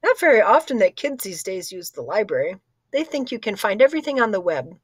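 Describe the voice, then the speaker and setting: A woman's voice: medium pitch, sing-song, a little fast, breathy edge, no echo. Grumpy older male librarian, read by a woman; terse, grudging, dry close read. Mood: grumbling. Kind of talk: audiobook character voice.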